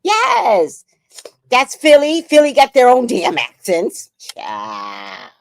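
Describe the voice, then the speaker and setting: This livestream host is a New York woman who talks casually, bluntly and profanely, laughing a lot as she comments. Her pitch sits fairly high and swoops wildly, she takes her time, and the sound has no echo.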